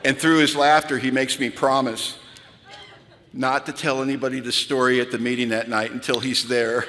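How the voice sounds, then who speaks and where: A man speaking at a recovery retreat, telling animated, self-mocking stories to a crowd. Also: mid-range voice, moderate pace, noisy background. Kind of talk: storytelling talk at a retreat. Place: large event hall. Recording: long hall reverb from a large venue.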